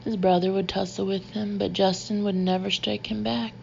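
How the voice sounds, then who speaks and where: A woman reads the part of a middle-aged mother with a soft Southern accent, fervent and insistent as she pleads. Her voice moves little in pitch and holds a flat, steady line. The audiobook recording sounds slightly dull, with a faint hiss behind it. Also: moderate pace, vocal fry. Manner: pleading, emphatic.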